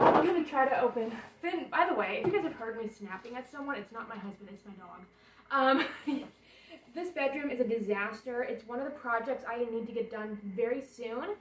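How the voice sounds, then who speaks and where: Chatty young woman in a roomy bedroom. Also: a little high. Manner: chatty and rambling, thinks aloud while unpacking. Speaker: vlogger. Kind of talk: casual vlog chat. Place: bedroom of an apartment. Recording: roomy sound, camera a bit far off. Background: portable air conditioner hum.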